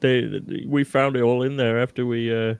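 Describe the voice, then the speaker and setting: A man playing a tabletop game, casual and halting, with quiet asides. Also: mid-range voice, steady tone, gravelly, smooth. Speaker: player.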